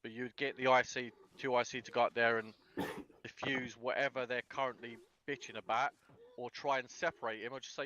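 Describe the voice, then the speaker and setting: A man runs a casual tactical briefing over voice chat. His manner is blunt and sweary, and he acts out bits of example dialogue. His pitch sits in the middle, and the headset sound is a little muffled. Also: steady tone, moderate pace, bright, forceful tone. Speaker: instructor.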